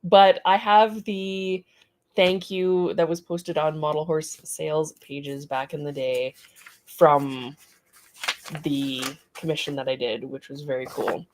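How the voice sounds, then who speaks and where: A middle-aged woman with a slightly low voice rambles in relaxed, chatty livestream talk. She hosts her studio stream, greeting viewers and wandering from thought to thought. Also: slow pace, a little hiss or hum. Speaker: artist hosting a studio livestream. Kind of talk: casual livestream chat.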